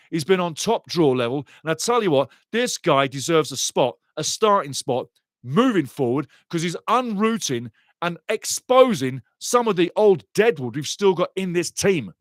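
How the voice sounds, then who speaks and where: Guy doing hyped fan soccer commentary, kinda high voice, goes from muttering to yelling, dry close sound. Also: normal speed, dry recording. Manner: excitable, swings from muttering to shouting. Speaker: live watchalong commentator.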